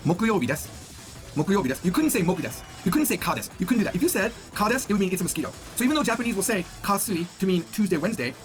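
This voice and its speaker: Male teacher, upbeat and chatty, rapid-fire with a lively pitch, drills words by repetition. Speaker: language teacher. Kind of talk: recorded beginner lesson.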